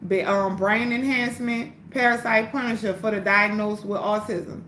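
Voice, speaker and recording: A woman's voice: mid-range voice, fairly even intonation, moderate pace, a bit bright, roomy sound, slight background noise. A woman from New Orleans with a New Orleans accent, hosting a casual livestream, answering viewer questions in a blunt, profane, preachy way and repeating phrases for emphasis. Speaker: livestream host selling herbal teas. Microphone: phone or webcam livestream.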